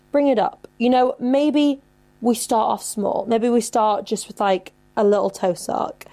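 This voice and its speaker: A woman's voice: medium pitch, gravelly, warm tone. A woman in her twenties who hosts a podcast, giving advice in a casual chatty way, swearing freely and saying "like" a lot. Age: 20s. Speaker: podcast host.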